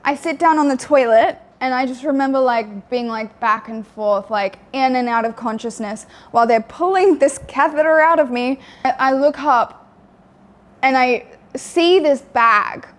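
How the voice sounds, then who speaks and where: Young woman vlogger, fairly high voice, blunt, swears a lot, talks in fillers. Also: unhurried. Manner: blunt and frank, swears often, many fillers. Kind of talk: candid storytelling.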